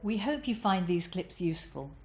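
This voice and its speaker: A woman voice coach giving calm, careful instructions over vocal exercises. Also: lowish voice, normal speed, music in the background.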